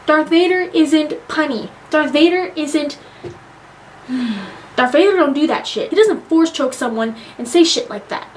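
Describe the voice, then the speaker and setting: A young woman with a high-pitched voice reviews a movie in a casual vlog. She talks in an excitable, gushing way and swears freely. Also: unhurried, a little hiss or hum.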